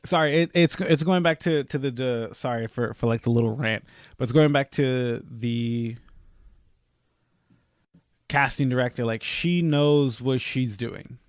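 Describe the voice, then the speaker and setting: A young man co-hosting a casual podcast chat, rambling and animated, slipping into quoted asides as he rants. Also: medium pitch, unhurried, no echo, clean studio sound. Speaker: podcast co-host.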